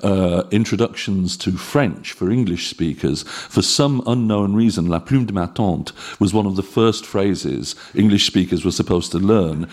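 A middle-aged man with a very low voice lectures on linguistics. He explains in a measured, patient way, pausing often with ums and uhs. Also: darkish tone. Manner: measured, explanatory, with frequent fillers. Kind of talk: academic lecture.

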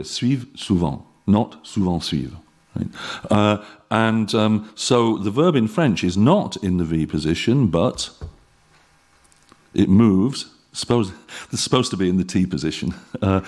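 A middle-aged man giving an academic linguistics lecture, explaining in a measured way with frequent ums and uhs. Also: sits low, a little mellow.

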